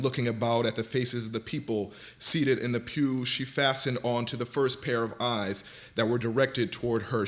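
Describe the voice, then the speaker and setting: A man reads a literary passage aloud to a university audience with a dramatic, shifting delivery. He slows down and lingers on vivid images. He speaks at a middle pitch. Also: a bit bright. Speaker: panelist reading aloud. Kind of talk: expressive literary reading. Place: university lecture event.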